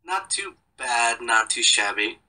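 A man's voice: mid-range voice, very animated, takes it slowly, pushed and bright, poor audio. A young man chatting as a podcast guest, rambling and joking in a self-deprecating way. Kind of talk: casual chat.

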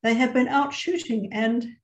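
Brisk, cheery aunt, storybook reading with some gravel, woman reading. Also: a little high, roomy sound, voice pushed up. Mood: cheerful. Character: cheerful bustling middle-aged aunt.

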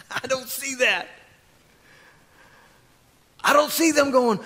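A man preaching a sermon as pastor, swinging from quiet asides to loud, fervent exhortation. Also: extremely high pitch, takes it slowly, pauses often, big-room sound.

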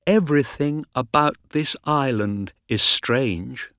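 A man reading an audiobook voices a calm young woman traveler who speaks quietly and teases her companion. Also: mid-range voice, slow, smooth, no room sound, studio quality, pitched above the performer's own voice. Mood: teasing. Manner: quiet, teasing.

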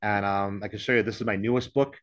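A man's voice: lowish voice, steady tone, fast, a bit bright. Male interview guest, candid and meandering, self-mocking, recorded over a video call. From English-speaking, living in Mexico. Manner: frank, rambling, self-deprecating.

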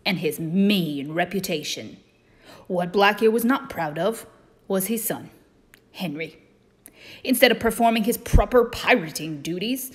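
A woman's voice: mid-range voice, slightly rough. A woman reading a children's storybook aloud, with a playful pirate-themed delivery.

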